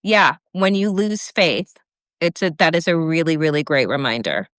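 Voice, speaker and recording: Host, woman, low smooth voice, encouraging, dry sound. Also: normal speed, fairly bright tone, no room sound. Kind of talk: interview listening and replies.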